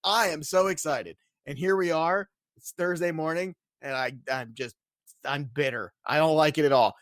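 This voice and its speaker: A man co-hosting a casual fantasy football podcast, talking in an excitable, emphatic way and laughing often. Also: a little high, normal speed, no room sound, clean studio sound. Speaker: podcast co-host.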